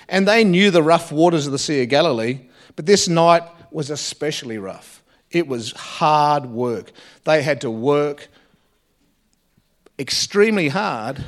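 A man delivers a sermon in an earnest, searching way. His voice sits a touch higher than most men's. He pauses often, and his phrases trail off softly at the ends. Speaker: preacher.

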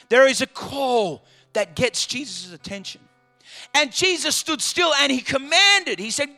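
A male preacher with a very high, bright voice and a gravelly edge delivers a sermon dramatically. He drops to hushed asides, then rises to loud, emphatic calls. Faint music plays behind him. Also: expressive, a little slow.

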